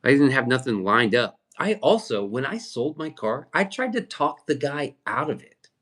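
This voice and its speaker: A man's voice: medium pitch, big pitch swings, normal speed, a bit bright. A man chatting casually on his livestream, rambling and swearing as he answers viewer comments. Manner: rambling, profane, answers chat. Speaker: livestream host.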